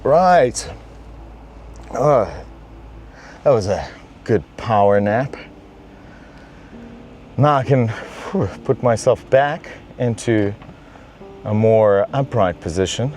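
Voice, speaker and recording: A man's voice: on the low side, expressive, slow pace, pauses often, a little mellow, a little hiss or hum. A young man hosting a comedic car review from a car's back seat, in a playful, mock-pampered way. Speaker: host reviewing a luxury car.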